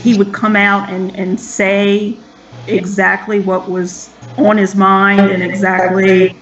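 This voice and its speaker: Slow, flat-voiced man on a podcast. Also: sits high, very echoey, muffled recording, crowd noise. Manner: slow and measured, hesitant fillers. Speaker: podcast guest. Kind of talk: casual chat.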